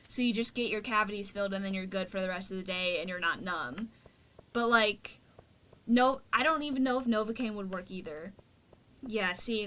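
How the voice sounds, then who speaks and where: A woman's voice: medium pitch, sharp tone. A woman streamer chatting casually while gaming, venting in a blunt, profane way.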